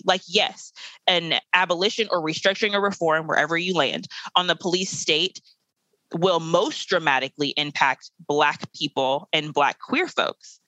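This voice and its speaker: A woman's voice: fairly low pitch, pushed and bright, dry recording, low-quality recording. A woman in her late twenties, a guest educator in a podcast interview, speaking bluntly and emphatically with bursts of laughter. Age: 20s.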